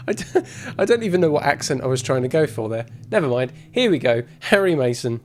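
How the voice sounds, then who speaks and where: A man's voice: medium pitch, very animated, fast talker, a little hiss or hum. A man giving casual, rambling gameplay commentary as a streamer, with self-mocking asides. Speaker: game streamer.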